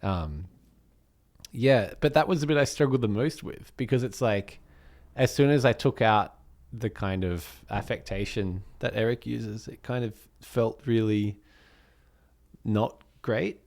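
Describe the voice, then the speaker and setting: A man with an Australian accent chats casually about music, his voice sitting a little low. He meanders as he thinks aloud, filling gaps with ums. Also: measured pace, darkish tone. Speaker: podcast co-host.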